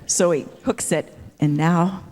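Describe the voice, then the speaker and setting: A woman's voice: lowish voice, steady tone, slow pace, a little mellow. An older woman telling a comic anecdote on an auditorium stage, acting out the gestures as she goes and often asking "see?". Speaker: stage performer. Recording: echoey auditorium with long reverb.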